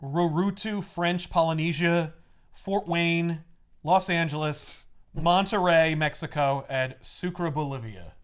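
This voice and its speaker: A man hosting a casual podcast, recapping a comic in an animated way and acting out the characters. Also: fairly high pitch, slow pace, clear, resonant tone. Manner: animated, laughing, acts out characters. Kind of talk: casual chat.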